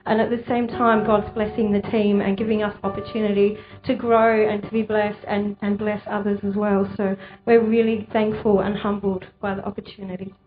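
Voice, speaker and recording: A woman's voice: mid-range voice, flat delivery, moderate pace, hardly any pauses, music in the background. A woman enthusiastically sharing about her youth church team and thanking its leaders. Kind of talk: church announcement. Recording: muffled church recording.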